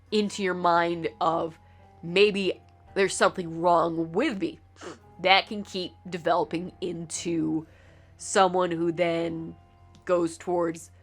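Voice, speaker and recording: A congested woman with a fairly low voice talks through a let's play, rambling and opinionated, with a swear dropped in here and there. Faint game music hums behind her casual commentary on a desk mic. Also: a bit bright.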